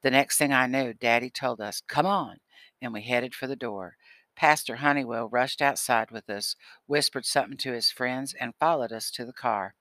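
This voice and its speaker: Male audiobook narrator, steady storytelling, bright voice, dry close sound. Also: mid-range voice, normal speed, dry recording. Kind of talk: scripted narration.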